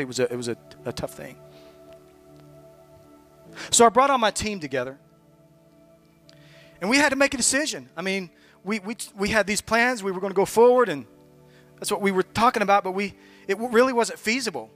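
A man preaching as a visiting pastor, building from halting personal testimony to fervent, emphatic exhortation with frequent restarts. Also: sits high, animated, a bit bright, faint music behind. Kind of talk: sermon.

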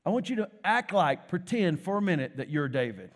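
A man preaching a sermon as a pastor, telling a story with animated repetitions. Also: high-pitched, brisk.

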